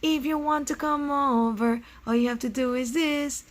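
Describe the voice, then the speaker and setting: A woman's voice: high voice, fairly even intonation, moderate pace, lightly acted. A woman voicing a grumpy old male troll who lives under a bridge, singing his song in a sing-song way.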